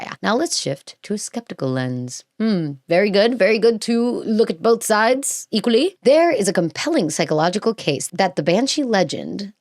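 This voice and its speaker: Chatty low-voiced woman podcast host. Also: darkish tone, dry recording, clean studio sound. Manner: chatty, gushing, many fillers and asides. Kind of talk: casual chat reading and reacting to a script.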